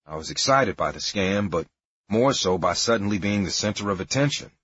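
A man's voice: fairly low pitch, lively intonation, a little fast, fairly bright tone, slightly rough, no room sound. A man narrating a memoir in a wry, matter-of-fact storytelling manner. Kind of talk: memoir audiobook reading. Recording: dry, dull lo-fi recording.

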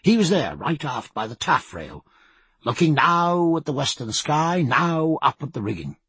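A man narrating an audiobook, telling the story in a measured, expressive way. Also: a little high, slightly rough, no room sound. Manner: measured storytelling with lively, varied intonation.

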